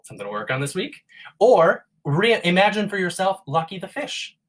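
This man has a high, sing-song voice that's a little bright and moves at a moderate pace. He co-hosts an arts therapy livestream, goofing off and rambling with self-mockery in between improvised tunes.

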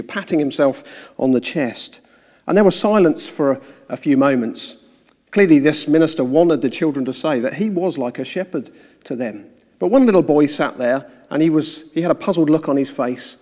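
A man preaching a sermon, telling a story in a measured, earnest way before moving into the sermon itself. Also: on the high side, expressive, a little mellow. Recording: reverberant hall sound.

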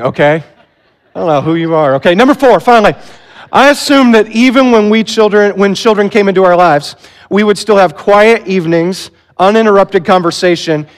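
High-voiced preacher in a reverberant hall. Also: male voice. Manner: self-deprecating, asks the audience questions. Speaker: pastor. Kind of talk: sermon. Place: large hall on stage.

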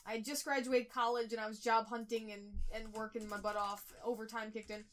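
A woman's voice: a little high, little pitch movement, brisk, fairly bright tone. A woman co-hosting a podcast in casual chat, questioning and teasing. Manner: questioning, teasing, laughs often. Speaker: podcast co-host.

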